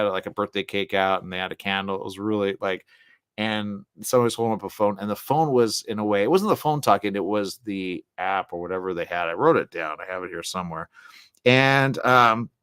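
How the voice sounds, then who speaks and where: A man hosting a radio talk show alone, rambling in a loose, animated way, jumping into quoted voices and trailing off into mumbles. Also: on the low side, clear, resonant tone, no echo, clean studio sound.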